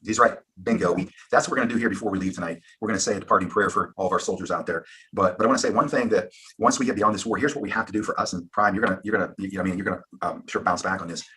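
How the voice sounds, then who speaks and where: A man's voice: deep voice, very fast, bright, forceful tone, husky. A man hosting a live-stream round table, talking in a brash, rambling, fired-up way. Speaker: live show host.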